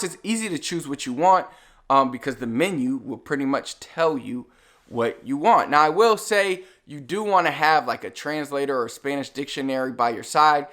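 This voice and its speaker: A young man giving a casual video lesson, talking in a relaxed, conversational way and slowing down to model each phrase. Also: fairly high pitch. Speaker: Spanish teacher.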